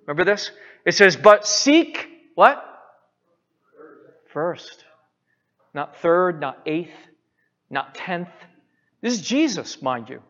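A man's voice: high voice, big pitch swings, slow, long pauses, a bit bright. A male pastor preaching a sermon, emphatic and repetitive, speaking directly to his church. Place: church sanctuary. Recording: reverberant hall, muffled sound.

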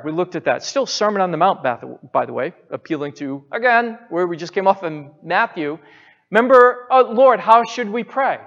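A man's voice: high voice, fairly bright tone. A male pastor preaching a sermon, emphatic and repetitive, speaking directly to his church. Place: church sanctuary. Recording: reverberant hall, muffled sound.

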